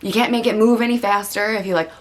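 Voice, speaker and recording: A meditation channel host, a woman with a mid-range voice, talks to the camera in a candid personal way, earnest and reflective and full of "like" and "you know." She gets emotional and is at times near tears; she speaks quickly with fairly even intonation over a noisy background.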